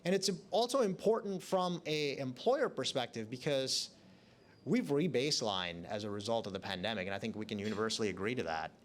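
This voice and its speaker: A middle-aged man answering a question on a panel, earnest and speaking up in a loud projecting voice. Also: medium pitch, animated, brisk, a little hiss or hum. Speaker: hospital leader on a panel. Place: event arena.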